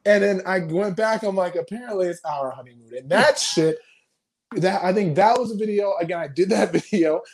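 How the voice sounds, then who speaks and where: A young man and video creator talking casually in an interview over a video call, telling frantic, animated stories full of swearing. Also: high voice, fairly quick.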